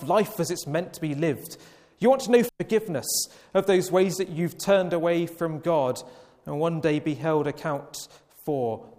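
A man preaching a Sunday evening sermon, slow and emphatic, with long pauses. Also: on the high side, a little mellow. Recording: long reverb of a church hall.

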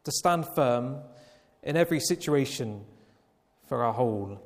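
A man preaching a Sunday evening sermon, slow and emphatic, with long pauses. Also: mid-range voice, lively intonation. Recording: long reverb of a church hall.

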